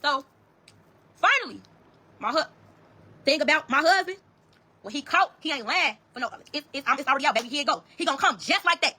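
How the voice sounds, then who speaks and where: A woman's voice: high-pitched, expressive, a little fast, pauses often, bright, forceful tone. A woman telling a story to her viewers in a casual, profane, emphatic way, often calling out to "y'all".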